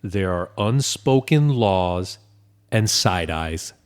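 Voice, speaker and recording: Male podcast co-host, lower pitch, bantering and laughing, casual chat. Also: lively intonation, slow, clean tone. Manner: jokey banter, laughs often, acts out quotes.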